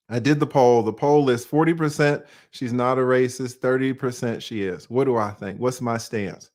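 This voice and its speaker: This Atlanta man in his forties has a mid-range, slightly mellow voice and a moderate pace. As an online commentator with a Southern accent, he delivers a loose, slangy monologue to his viewers, tossing out rhetorical questions.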